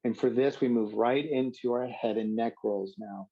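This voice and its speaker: A man leading a yoga workshop, giving calm, slow guided instructions with drawn-out cues. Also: mid-range voice, slightly rough, highs cut off.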